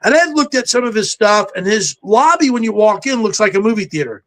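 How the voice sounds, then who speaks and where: An older man, a podcast guest, telling stories in a brisk, self-assured way. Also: high-pitched, expressive, fairly bright tone. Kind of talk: casual podcast chat. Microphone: home setup with a backdrop.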